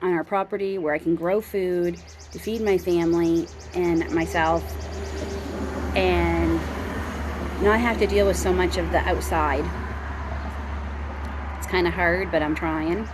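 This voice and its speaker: A woman's voice: lowish voice, fairly even intonation, a little slow, long pauses, background noise. A middle-aged woman from Canada, talking earnestly outdoors at her home as a homestead vlogger, rambling with many ums and restarts. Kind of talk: casual heartfelt talk to camera.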